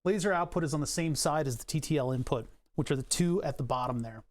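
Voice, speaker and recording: A man's voice: fairly high pitch, fast. A man hosts a casual livestream, narrating his work at the desk with a slightly raised voice. He rambles, pokes fun at himself and trades jokes with the chat between steps. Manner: rambling, joking asides to chat, self-mocking. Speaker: streamer.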